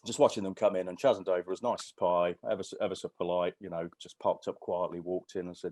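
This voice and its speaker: A man's voice: low voice, level tone, fast, few pauses, darkish tone, no room sound. A man in his fifties, a podcast guest, telling anecdotes in a rambling, casual way with lots of restarts. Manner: rambling, with many restarts and fillers. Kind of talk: casual storytelling chat.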